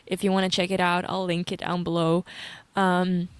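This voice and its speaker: A young woman, talking candidly to camera in a personal vlog, halting, filling gaps with "like" and swearing often. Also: on the low side, level tone, clear, resonant tone, no echo. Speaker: vlogger.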